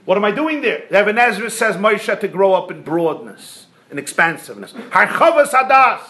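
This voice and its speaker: A man preaching a sermon to a room as a rabbi, animated and rhetorical, swinging from soft asides to loud, emphatic peaks. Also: high-pitched, fairly quick, slight background noise.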